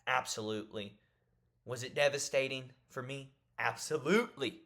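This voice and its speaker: A man giving opinionated solo commentary in a video, emphatic and animated, repeating points for stress. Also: mid-range voice, normal speed, gravelly. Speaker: MMA commentary YouTuber.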